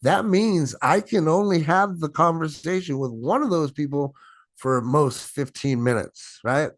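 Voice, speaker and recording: A man's voice: fairly high pitch, measured pace, no echo. A middle-aged man presenting a sales webinar as a coach, stressing and stretching his words and often asking "right?". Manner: emphatic, repeats "right?" and "my friends". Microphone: video call.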